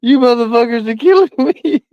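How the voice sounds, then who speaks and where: His voice is very high-pitched and animated at a moderate pace, captured on a dull, lo-fi, dry recording with no room sound. He's chatting casually on a live stream, cursing freely and laughing the whole time.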